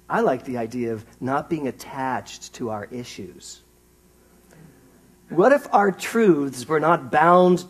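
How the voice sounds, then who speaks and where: A man preaching a sermon to a congregation in a small theater, animated and rising to excited emphasis, asking his listeners questions. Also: mid-range voice, slightly rough. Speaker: minister.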